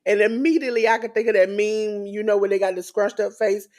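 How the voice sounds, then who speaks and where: Animated woman co-hosting a wrestling podcast. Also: medium pitch, a little fast. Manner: animated, acts out quotes in voices. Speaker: podcast co-host. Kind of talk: casual wrestling podcast chat.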